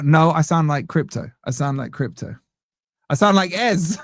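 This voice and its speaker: A man's voice: on the high side, animated, measured pace, no room sound, clean studio sound. A young man hosting a live football fan reaction stream, rambling and joking while he interrupts himself. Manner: rambling, self-interrupting, jokey. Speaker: fan channel host.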